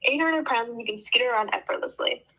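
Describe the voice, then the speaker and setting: A young woman hosting a book club, reading a novel aloud in an animated first-person voice with casual asides. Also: fairly high pitch, fast talker, dull audio.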